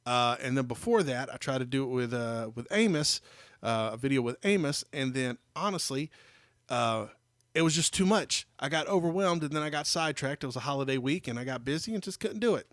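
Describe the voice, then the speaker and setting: A man's voice: medium pitch, animated, fairly quick, fairly bright tone, dry recording, studio quality. A man co-hosting a podcast in casual chat, rambling with lots of fillers and joking about his kid. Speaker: podcast co-host. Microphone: studio microphone.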